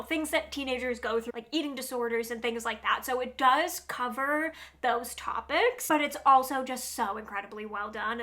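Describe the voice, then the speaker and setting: A young woman with a high, bright voice talks casually to camera about books she can't wait to read. She gushes, piling up fillers as she goes. Her nose sounds a little stuffy from allergies. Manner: gushing, chatty, lots of fillers. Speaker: book vlogger. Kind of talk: casual chat.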